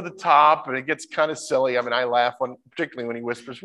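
Man preaching an animated sermon. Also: quick pace. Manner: animated storytelling, mimics voices with big pitch jumps.

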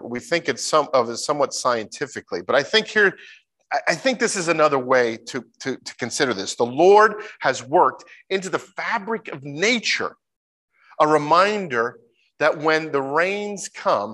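A man preaching a sermon, telling stories in a lively way and jumping into high, excited voices when he imitates people. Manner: animated storytelling, mimics voices with big pitch jumps.

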